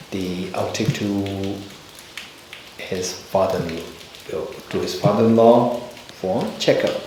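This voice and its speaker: A man, a Buddhist teacher, giving a dharma talk in a large temple hall, telling a personal story with halting restarts and bursts of emphasis. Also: lowish voice, a little mellow, slight background noise. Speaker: Buddhist teacher leading a retreat. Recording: very echoey hall.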